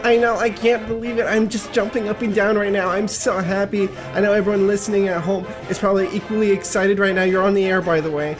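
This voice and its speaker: A man's voice: high-pitched, level tone, fast, hardly any pauses, music in the background, natural voice. A man playing a naive, overexcited radio host who stammers and gushes in a satirical radio sitcom. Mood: giddy. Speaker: show host.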